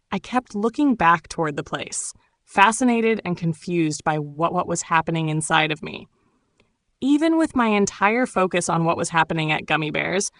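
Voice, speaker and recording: A woman from Turkey, narrating her own memoir audiobook in a calm, reflective storytelling manner. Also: mid-range voice, no echo.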